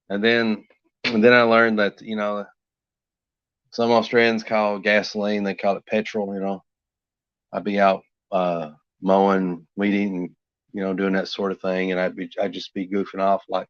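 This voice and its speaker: A man with a lowish, level, fairly bright voice speaks at normal speed while drawing live for his stream, the sound dull, dry and lo-fi. He rambles casually and easygoingly, talking to himself as he works.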